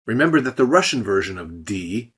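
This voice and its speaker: A man teaches a language lesson in scripted narration, his voice a touch husky. His pitch moves a lot as he explains each point and drops the odd dry joke. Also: very animated, brisk, a bit bright. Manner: explanatory, with light dry jokes.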